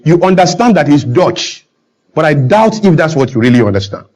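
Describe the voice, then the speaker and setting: High-voiced man, impassioned talk show guest. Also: very animated, normal speed, poor audio. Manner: builds to emphatic near-shouting, acts out broken English. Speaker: studio guest. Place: talk show studio with live audience.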